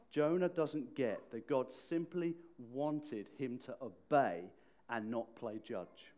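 A man's voice: medium pitch, slow pace, mellow. A man preaching a sermon in a conversational way, often asking the listeners questions. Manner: conversational, asks the audience questions.

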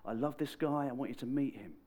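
A man's voice: mid-range voice, fast, mellow, close to an everyday voice. A preacher voicing an effusive, friendly man.

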